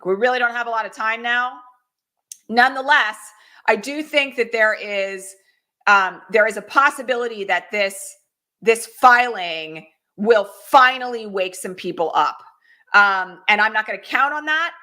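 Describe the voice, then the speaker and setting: A middle-aged woman hosts a political livestream of commentary, speaking urgently and directly and throwing rhetorical questions at her audience. Her voice is on the high side, pushed and bright, and a little slow.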